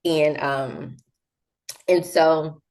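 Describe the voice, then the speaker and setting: A woman's voice: low voice, extremely slow. A young adult woman, a guest in a casual interview, telling her story with many fillers and acting out the voices of others. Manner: animated, acts out quoted voices, many fillers.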